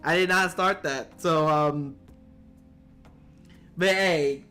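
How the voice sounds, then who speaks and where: A young man in casual live game commentary, swearing a lot, his pitch jumping up when flustered. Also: slow, pushed and bright, smooth, faint music behind. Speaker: game streamer.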